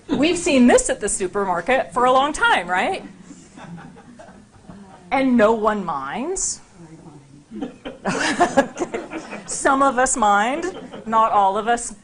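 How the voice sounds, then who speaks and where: A woman's voice: sits high, fairly bright tone. A woman university lecturer giving a public talk with slides, speaking conversationally and often checking in with her audience with "right?" and "okay?". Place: lecture room before a live audience.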